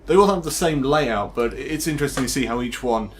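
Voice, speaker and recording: A man's voice: mid-range voice, fairly quick, slight background noise. Male gameplay commentator, casual and enthusiastic, headset mic at home. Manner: chatty, enthusiastic, laughs often.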